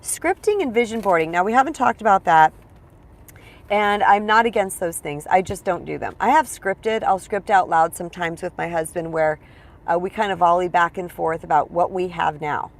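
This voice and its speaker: A woman's voice: lowish voice, moderate pace. Chatty woman coaching with emphatic asides. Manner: chatty and emphatic, keeps checking in with "okay?". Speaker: spiritual empowerment coach. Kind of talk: casual teaching monologue to camera.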